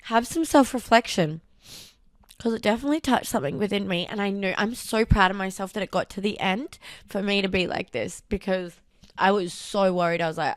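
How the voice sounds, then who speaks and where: A woman's voice: medium pitch, fairly quick, no room sound. A young Australian woman from Darwin hosting her own podcast, talking in a candid, emotional personal reflection with casual swearing. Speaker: podcast host.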